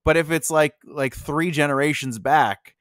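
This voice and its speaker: A man's voice: fairly high pitch, moderate pace, a bit bright, dry recording, clean studio sound. An American man, a guest author on a podcast, musing aloud in casual conversation. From United States. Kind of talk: casual interview chat.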